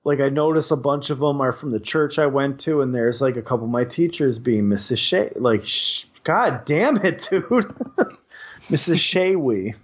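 A young man from Wisconsin co-hosts a podcast, telling a long story in casual chat. His voice is medium-pitched at a moderate pace with few pauses, and the audio is dull; he rambles, swears, and uses lots of fillers.

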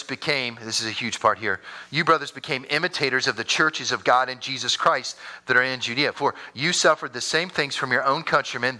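Bright-voiced animated male pastor preaching. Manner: animated storytelling preacher with sudden high-pitched bursts. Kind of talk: sermon.

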